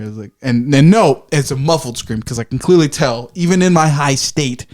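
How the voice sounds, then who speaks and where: A man's voice: medium pitch, normal speed, darkish tone. Podcast guy rambling through a story, keeps restarting, swears a lot, plays out his own reactions. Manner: rambling, self-correcting, swears freely; acts out his own reactions in quoted asides. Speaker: podcast co-host. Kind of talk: casual storytelling chat.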